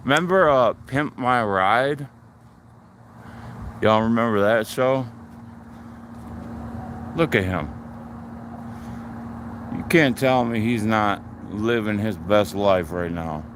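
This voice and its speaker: A middle-aged man, chatting casually on a live stream from his phone as he walks around his home and backyard. He is relaxed and chatty. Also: slow, long pauses. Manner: relaxed and chatty, jumps to a high sing-song voice when talking to his dog. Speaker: livestream host. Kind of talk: casual live-stream chat while walking. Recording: faint outdoor noise on a phone stream.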